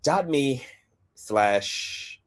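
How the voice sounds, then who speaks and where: A man hosting a livestream in a chatty, animated way, with playful asides and quick rundowns of channel plugs. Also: mid-range voice. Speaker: host. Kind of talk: casual livestream commentary.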